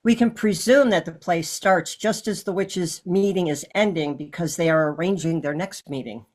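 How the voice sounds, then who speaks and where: Mid-pitched reader, steady and even, reading a passage aloud. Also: moderate pace.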